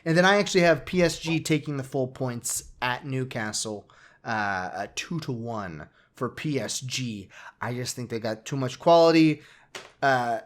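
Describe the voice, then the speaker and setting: A man co-hosting a relaxed football podcast, chatting through his match picks. He rambles a little, pokes fun at himself and trails off mid-thought. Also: mid-range voice, a little slow. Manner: chatty, self-mocking, trailing off. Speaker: podcast co-host. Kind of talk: casual sports chat.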